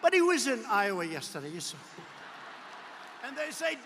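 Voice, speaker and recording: A man giving a boastful, repetitive rally speech full of mocking asides and sudden bursts of shouting. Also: high voice, very animated, normal speed, pauses often, slight background noise. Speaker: politician addressing a campaign rally. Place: large indoor arena rally. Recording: long arena reverb.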